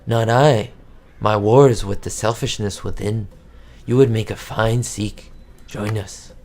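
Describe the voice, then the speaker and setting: A devout, courageous policeman who speaks calmly and earnestly, as a man voices him. His voice sits fairly low. A character from a video game. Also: unhurried.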